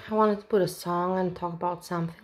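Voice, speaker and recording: Emotional woman vlogger, lowish voice. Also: steady tone, fast. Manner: openly emotional, rambling. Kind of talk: casual reaction vlog.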